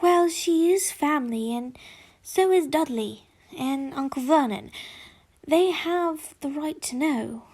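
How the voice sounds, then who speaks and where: Woman reading as a frightened teen wizard boy, high and slow, casual fan read. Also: darkish tone. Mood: anxious.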